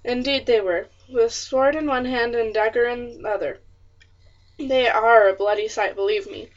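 Brief: woman narrator, first-person historical novel, fairly high voice, dull lo-fi sound. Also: moderate pace. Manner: expressive, old-fashioned storytelling. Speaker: audiobook narrator.

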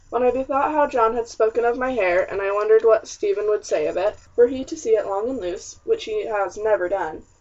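A woman reading a first-person historical story as an audiobook narrator, measured and storytelling. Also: mid-range voice, darkish tone. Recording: distant, dull lo-fi recording.

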